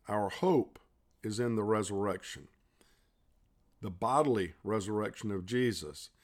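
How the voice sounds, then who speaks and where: A male pastor delivering a short sermon, reading scripture and leading a prayer in a measured way. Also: fairly low pitch, a little mellow. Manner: slow, measured reading aloud.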